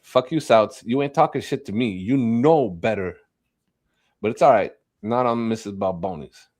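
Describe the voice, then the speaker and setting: A man's voice: lowish voice, moderate pace, darkish tone, no room sound. A man ranting and trash-talking in a crude, profane casual stream chat. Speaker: stream guest. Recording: dry close mic.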